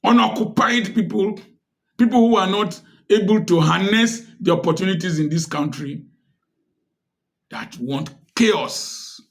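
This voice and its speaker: A Nigerian man talks straight to his audience, pressing his point home with one rhetorical question after another. His voice sits a little high for a man, and he takes his time, leaning on each phrase with slow, preachy emphasis. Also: vocal fry. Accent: Nigerian English. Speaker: commentator. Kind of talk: direct-to-camera social commentary.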